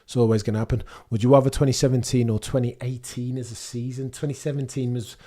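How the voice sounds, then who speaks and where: A man with a medium-pitched voice talks fast while hosting a live stream ahead of a race, reading the chat and bantering casually with viewers. He's getting over an illness, so his nose sounds stuffy, and he breaks into bursts of excitement.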